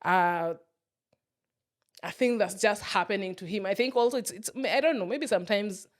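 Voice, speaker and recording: A woman's voice: mid-range voice, moderate pace. Reflective woman musing on a podcast. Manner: reflective, talks in loose restarts, acts out quoted people. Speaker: podcast co-host. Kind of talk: casual chat.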